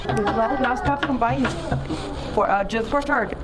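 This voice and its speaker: Woman, high pitched, scolding and threatening, very noisy hidden recording. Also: a little slow.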